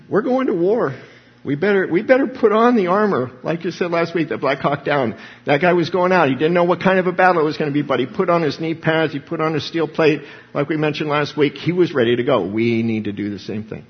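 Husky-voiced man preaching a sermon. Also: medium pitch, dull audio. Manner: animated preaching, voice rising and dropping. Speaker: pastor.

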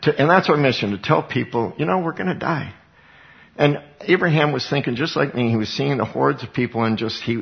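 A man's voice: medium pitch, gravelly. A man preaching in an earnest, chatty Bible-teaching style, often restarting his sentences. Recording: dull lo-fi sound.

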